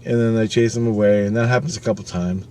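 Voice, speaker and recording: A man's voice: lowish voice, fairly even intonation, fast, darkish tone, slight background noise. A man casually telling a personal spirit story, rambling and swearing, often checking in with the listener with "right?". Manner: rambling, profane, with frequent "right?" asides. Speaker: vlogger.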